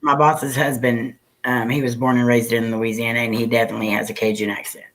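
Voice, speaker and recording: A man joins a relaxed interview as co-host, chiming in with friendly questions. His voice sits at an ordinary middle pitch. He talks in a casual, conversational way. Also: quick pace, rough recording.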